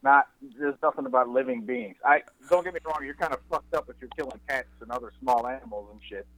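A man's voice: mid-range voice, quick pace, no room sound, low-quality recording. A man co-hosting a podcast in casual chat, ranting with lots of swearing and filler words. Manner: animated, ranting, swears a lot. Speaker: podcast co-host.

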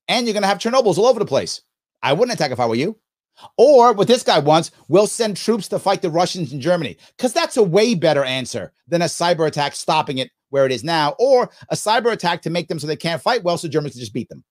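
A man's voice: on the high side, very animated, a little fast. A man in his fifties reacting to viewer comments, indignant and emphatic, repeating lines for effect. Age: 50s. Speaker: podcast host reacting to comments.

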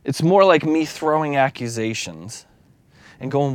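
A man's voice: mid-range voice, animated, measured pace, dry recording. A man preaching a sermon as a lay leader, speaking candidly and confessionally, with restarts and small laughs.

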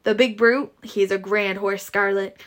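A woman's voice: mid-range voice, steady tone, unhurried, natural voice. A woman reading as an easygoing young Southern man. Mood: chatty. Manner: read in her own voice, no real accent.

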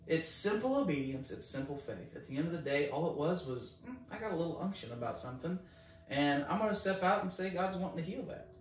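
A man recounts a story in casual chat, playing out both sides of the exchange himself. His voice sits a little high, and his excitement climbs as he goes. He is recorded from a distance in a very echoey room. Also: fast talker, a little hiss or hum. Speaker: guest.

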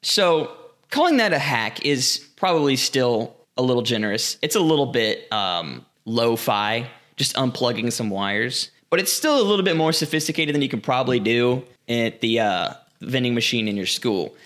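A man's voice: medium pitch, lively intonation, normal speed, fairly bright tone. A man co-hosting a podcast, explaining things in a chatty, casual way. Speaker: podcast co-host. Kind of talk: casual chat.

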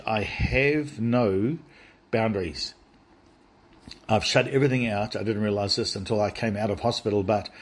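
A man telling a personal spiritual testimony in an earnest, halting way, often restarting and repeating words. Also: fairly low pitch, husky. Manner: earnest, addresses listeners directly. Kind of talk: rambling first-person testimony.

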